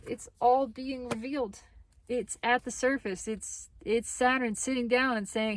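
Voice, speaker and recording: A woman giving a casual spiritual tarot reading. She is animated, laughs often and swears casually. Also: a little high, measured pace, dry recording. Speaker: tarot reader.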